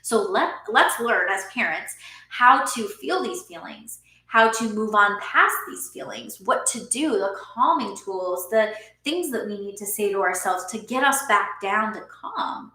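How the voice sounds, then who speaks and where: A woman in her thirties talks straight to camera as a parent coach, earnest and explanatory, with a bright, clear tone. Her voice carries a noticeable room echo, and she laughs lightly between points. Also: mid-range voice, expressive, measured pace. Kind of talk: talking-head vlog.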